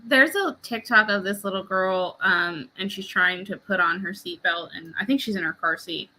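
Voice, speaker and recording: A woman's voice: mid-range voice, bright, forceful tone, low-quality recording. A woman in a casual livestream chat, telling things playfully and giggling. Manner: playful, giggly, slow-spoken.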